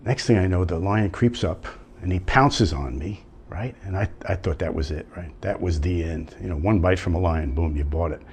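Low-voiced man rambling through a joke. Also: normal speed, darkish tone, slight background noise. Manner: rambling, full of fillers and tag questions. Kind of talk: telling a joke as a story.

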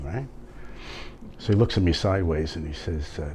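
A middle-aged or older man with a low voice tells a joke quietly and casually. A faint hum of noise sits behind him. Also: normal speed. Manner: quiet, offhand delivery with asides of "right?". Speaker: joke teller.

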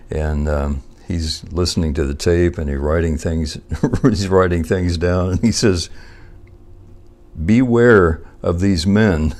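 An older man with a very low, deep voice spins a folksy joke at an easy pace. He rambles along with fillers and small chuckles before he lands the punchline. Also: darkish tone. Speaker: joke teller.

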